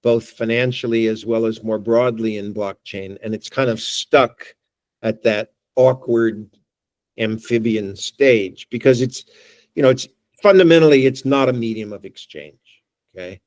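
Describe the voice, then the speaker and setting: A man's voice: mid-range voice, unhurried, a little mellow, no room sound. Dry-voiced man musing wryly. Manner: thoughtful, wry, restarts phrases. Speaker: guest speaker. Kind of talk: presentation with discussion.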